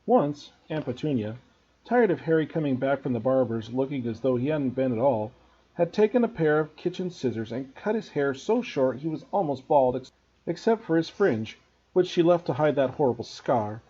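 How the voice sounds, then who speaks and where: A man, a teacher, reading a children's novel aloud to students in an expressive storybook narration. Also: medium pitch, normal speed, husky, highs cut off.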